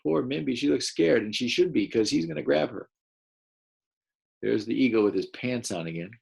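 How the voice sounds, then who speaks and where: A man teaching a first-grade class, reading a picture book aloud and gently encouraging the children to read along. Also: medium pitch, lively intonation, moderate pace, vocal fry, breathy edge. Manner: gentle, encouraging, explains as he goes.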